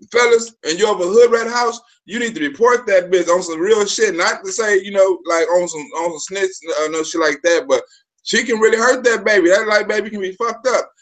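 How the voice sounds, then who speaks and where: Male livestream host with a high voice. Loose street slang, swearing, sudden loud bursts. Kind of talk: casual livestream chat.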